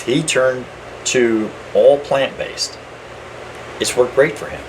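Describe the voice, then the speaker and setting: A middle-aged man chatting casually as a podcast co-host, telling rambling stories and getting animated when he quotes other people. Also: medium pitch, slow, background noise. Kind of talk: casual chat.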